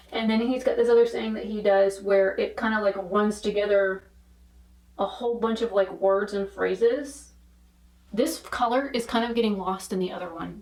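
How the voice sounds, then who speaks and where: A woman vlogger talking casually while she does her makeup, rambling through frank asides. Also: mid-range voice. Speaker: beauty vlogger. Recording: roomy echo, speaking from a distance to the mic.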